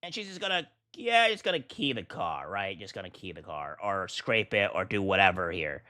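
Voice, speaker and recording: Animated, ranting male vlog host. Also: low voice, moderate pace, no room sound, clean studio sound. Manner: indignant, ranting, rhetorical. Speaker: political commentary host. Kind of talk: reaction commentary vlog.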